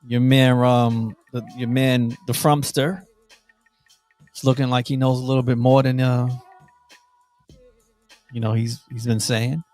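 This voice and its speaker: A man's voice: medium pitch, little pitch movement, a little slow, long pauses, darkish tone, faint music behind. A man co-hosting a casual live-stream show, talking loosely and teasing, often repeating himself, on a podcast mic at home. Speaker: co-host.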